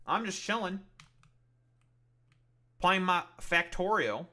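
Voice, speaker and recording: Male streamer, combative live-stream rant, profane and sarcastic, forceful tone. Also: a little high, lively intonation, moderate pace. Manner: sarcastic, mocking.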